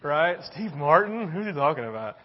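An older man delivers a sermon in a high, animated voice that leaps up and down as he acts out little scenes. He peppers his talk with "right?" and playful asides. The recording sounds a little dull and lo-fi. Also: normal speed. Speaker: pastor.

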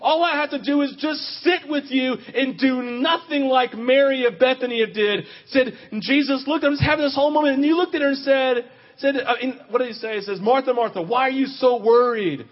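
A man preaching a sermon in an animated, confessional way, swinging between loud outbursts and quiet, intimate stretches. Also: very high voice, brisk, highs cut off.

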